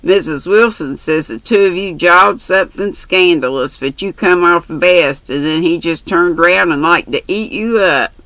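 A woman's voice: lowish voice, unhurried, hardly any pauses, a bit bright, no room sound, low-quality recording. A woman voicing a brash, chatty country orphan girl who talks in bossy, boastful slang.

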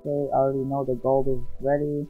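An excitable man chats his way through a gameplay session, rambling and gushing as he goes. His voice sits at an ordinary middle pitch, and the lo-fi recording sounds dull and muffled, with faint music playing underneath. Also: fast talker, husky. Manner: excitable and rambling, often exclaiming. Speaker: gaming channel host. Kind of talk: casual gameplay commentary. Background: faint background music.

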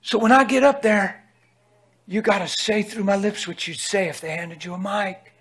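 A man preaching an unscripted sermon in an excitable, colloquial way, bursting with passion, on a clip-on microphone in a church hall. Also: high voice, normal speed, husky.

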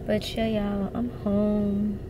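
A woman's voice: mid-range voice, monotone, slow, highs cut off, very noisy. Sleepy slangy woman vlogging from her car. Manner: casual, slangy and chatty, drawling tired speech. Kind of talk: casual vlog chat. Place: parked car at night.

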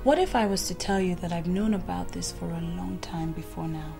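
A woman's voice: lowish voice, fairly quick, gravelly, music in the background. A young woman playing a confident daughter of privilege who teases a young man. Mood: teasing. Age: young adult. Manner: confident, teasing. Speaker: Senate President's daughter. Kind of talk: Nollywood film acting.

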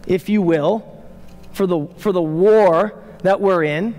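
A man pastor preaching a sermon in a church, emphatic, rising to loud urgent peaks and dropping to low quiet asides. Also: takes it slowly. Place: church sanctuary. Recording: church hall reverb.

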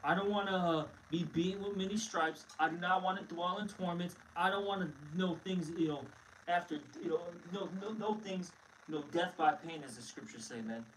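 A man's voice: high-pitched, fairly quick, a bit bright, slight background noise. A man teaching scripture in a blunt, emphatic way, often calling listeners "man", recorded from a distance.

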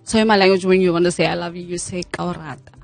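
A woman's voice: fairly low pitch, steady tone, rapid-fire, soft background music. A South African woman speaking candidly as a guest on a radio interview, laughing often. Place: radio studio.

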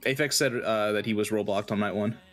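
A man's voice: fairly low pitch, fairly even intonation, fairly quick, fairly bright tone, faint music behind. A man playing an online social deduction game, playful and chuckling as he reacts to each reveal. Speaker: player in an online party game. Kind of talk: casual game chat.

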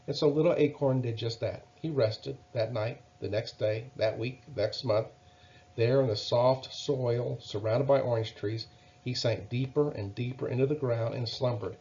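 A man reading a children's Bible story aloud in a gentle, measured way. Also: mid-range voice, dull audio.

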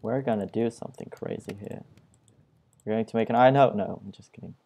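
A young man giving casual, self-mocking commentary while he plays a video game, dropping puns in a flat tone. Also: lowish voice, a little fast, creaky. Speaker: Let's Play gamer.

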